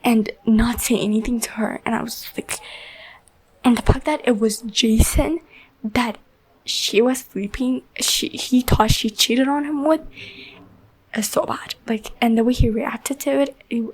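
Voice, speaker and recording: A woman's voice: fairly high pitch, unhurried, husky, low-quality recording. A woman giving a casual, rambling spoiler review of a book, full of "like" and "you know", emotionally invested and often dropping into a half-whisper.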